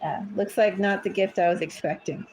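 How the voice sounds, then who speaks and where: A woman's voice: medium pitch, steady tone, moderate pace, a little mellow, a little hiss or hum, low-quality recording. A woman giving a casual tarot reading at home, chatty and easily sidetracked. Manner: chatty, easily sidetracked, talks to her cats. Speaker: tarot reader. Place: home with cats.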